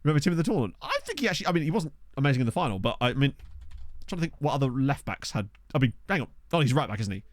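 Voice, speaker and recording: A man giving casual, excitable let's-play commentary, chatting to his viewers from a desk mic. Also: mid-range voice, rapid-fire. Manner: chatty, excitable, talks to chat. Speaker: game streamer. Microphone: desktop USB microphone.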